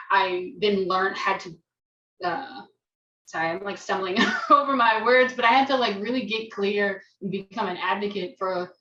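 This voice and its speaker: Thoughtful American woman teacher, halting delivery, roomy video-call sound. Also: medium pitch, a bit bright, a little hiss or hum. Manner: thoughtful, restarts, laughs self-consciously. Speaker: dance teacher and panelist. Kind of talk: personal reflection on a video-call forum. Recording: roomy, distant, dull video-call audio.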